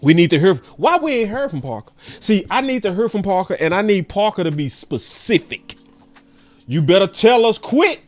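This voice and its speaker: A man's voice: moderate pace, soft background music. A man hosting a sports talk show in casual commentary. He talks emphatically, repeats his points and swears. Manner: animated, jumps between low and high.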